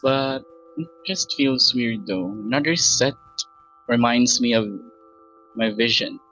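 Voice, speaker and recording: Hesitant guy restarting his sentences a lot, bright voice, muffled lo-fi mic. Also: mid-range voice, takes it slowly, faint music behind. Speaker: player voicing an adventurer. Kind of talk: casual tabletop role-play.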